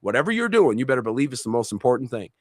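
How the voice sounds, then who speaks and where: A man's voice: mid-range voice, sing-song, rapid-fire, no room sound. Middle-aged Puerto Rican man, co-host and minister, emphatic testimony, dry close sound. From Puerto Rico. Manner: passionate, emphatic, repeats key phrases. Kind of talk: religious discussion with personal testimony.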